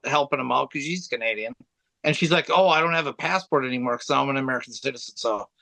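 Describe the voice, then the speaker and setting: Man, high-pitched, bright edgy tone, rambling storyteller, laughs while he talks, dry close sound. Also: creaky, no room sound. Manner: rambling, laughs while telling road stories. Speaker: band vocalist, guest. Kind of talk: casual storytelling.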